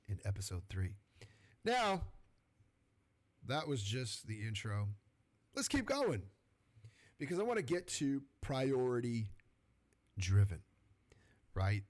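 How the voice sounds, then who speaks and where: A middle-aged Californian man with a medium-pitched voice hosts a podcast, delivering an energetic, colloquial motivational faith talk. He keeps asking "right?" as he goes.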